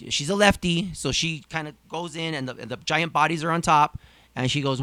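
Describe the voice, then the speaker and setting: A man with a somewhat high voice hosts a casual podcast, recapping events with theatrical flair and mock outrage. His delivery sounds dry and close to the mic. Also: a little fast, no room sound. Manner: animated, theatrical recap with mock-dramatic asides. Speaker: podcast host.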